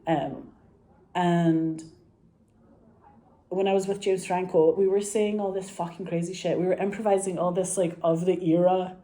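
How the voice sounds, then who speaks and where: Laughing, foul-mouthed woman with a mellow voice. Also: on the low side, moderate pace. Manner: animated and profane, laughing often, rambling. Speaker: actress. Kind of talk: casual anecdote.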